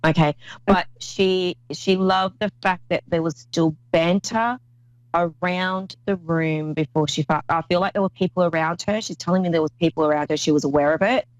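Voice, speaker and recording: A woman's voice: lowish voice, steady tone, normal speed, dry recording, rough recording. A woman hosting a call-in psychic reading show, talking in an effusive, rambling way with many restarts. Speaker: psychic medium host.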